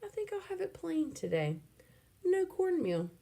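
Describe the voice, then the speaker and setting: Lady doing a loud stubborn kid, high and squeaky, storybook read-aloud. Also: very animated, unhurried, vocal fry, heavily acted. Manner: loud, indignant. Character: feisty boy in a worm-eating bet.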